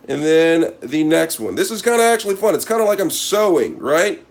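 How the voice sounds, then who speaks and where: Man, cooking host, fairly high voice, mock-serious running commentary while he works. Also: very animated, normal speed. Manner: mock-serious, repeats a catchphrase, talks to viewers as he works. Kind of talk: casual cooking demonstration to camera.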